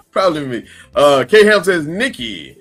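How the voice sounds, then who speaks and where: A man's voice: fairly high pitch, a little slow, faint music behind. A man hosting a casual livestream podcast, reading viewer comments aloud and laughing often. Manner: laughs often, lively and playful. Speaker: podcast host.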